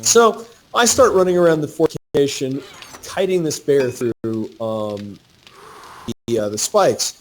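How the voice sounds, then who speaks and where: A man telling a story to his fellow players in casual gaming chat, animated and swearing freely. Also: medium pitch, unhurried, slight background noise.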